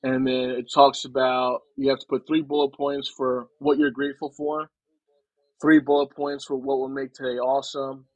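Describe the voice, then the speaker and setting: A young man from New Jersey, talking casually as a podcast guest, in a relaxed and rambling way with frequent "man" and "right". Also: mid-range voice, normal speed, no echo, dull audio. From New Jersey, United States. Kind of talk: casual conversation.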